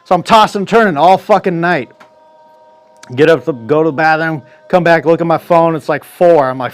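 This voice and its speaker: Profane, animated male storyteller. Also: a little high, normal speed. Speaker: podcast host. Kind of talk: casual solo storytelling.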